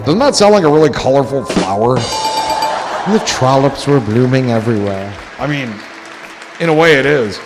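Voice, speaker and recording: Over clear music and crowd noise, a livestream host rambles casually, joking and swearing, his thoughts often trailing off. His medium-pitched voice is expressive and moves fairly quickly.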